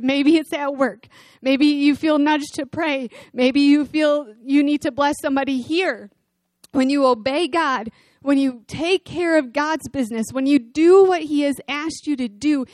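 Woman, middle-aged, church testimony, chatty storyteller, high voice, dry sound. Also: no echo. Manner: chatty, animated storytelling with laughs and fillers. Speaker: mission team member sharing testimony.

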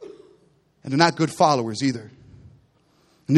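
A man preaching a sermon, retelling a parable with animated storytelling and bursts of loudness. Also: mid-range voice, slow pace, pauses often. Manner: animated storytelling preacher, acting out characters with big swings in loudness. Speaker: pastor.

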